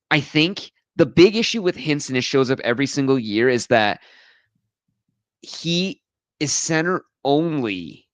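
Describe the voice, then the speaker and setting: A man's voice: mid-range voice, a bit bright, dry recording. A man co-hosting a podcast, talking casually and rambling, often correcting himself. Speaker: podcast co-host. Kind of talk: casual chat.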